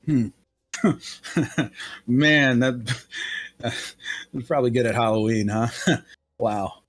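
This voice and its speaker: A man in a tabletop role-play, rambling crudely with frequent laughs. His voice sits at an ordinary middle pitch for a man. He slips in and out of character without changing his voice much. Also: extremely slow, dry recording, studio quality. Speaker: player.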